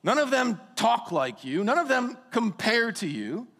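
Animated high-voiced male preacher in a big hall. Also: measured pace. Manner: animated, with sudden shouts and jokey asides. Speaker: pastor. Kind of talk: sermon. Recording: long reverb of a large hall.

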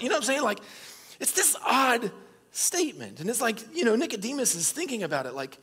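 A man with a high, husky voice preaches a casual, storytelling sermon. He talks to his listeners in an easygoing way. The sound carries a long hall reverb. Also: brisk. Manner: casual, animated storytelling with asides to the congregation. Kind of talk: conversational sermon.

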